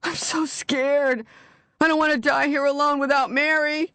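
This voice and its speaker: A woman voicing a terrified man buried alive in a coffin, pleading in a raw, croaking voice. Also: a little high, moderate pace, dry recording, pitched above the performer's own voice.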